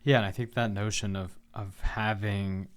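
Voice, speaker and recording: A man's voice: fairly low pitch, steady tone, moderate pace. A man hosting a podcast interview, reflective, framing ideas and steering the talk with questions. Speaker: podcast host. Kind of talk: conversational interview.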